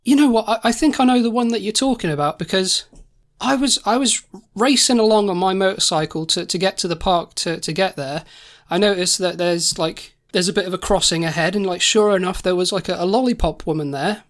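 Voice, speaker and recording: Woman co-host, rambling comic storyteller, mid-pitched voice. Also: fairly quick. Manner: rambling, laughing, many restarts. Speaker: podcast co-host. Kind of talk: improvised comedy storytelling.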